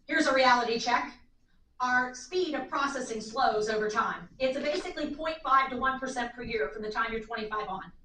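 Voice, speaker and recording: A woman lecturing a live audience on aging in an animated way, acting out little voices, in a seminar room. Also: on the high side, normal speed. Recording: echoey room, distant mic, faint noise.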